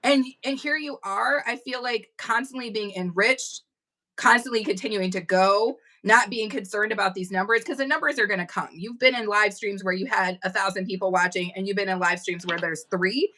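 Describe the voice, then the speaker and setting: A woman hosts a casual livestream chat from her home setup, speaking at medium pitch and a moderate pace with a sharp tone. She's blunt and emphatic, cursing freely.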